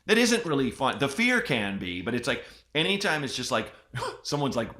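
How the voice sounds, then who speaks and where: A man hosting a comedy podcast, rambling and animated, often breaking into mocking voices. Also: mid-range voice, normal speed. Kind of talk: casual podcast chat.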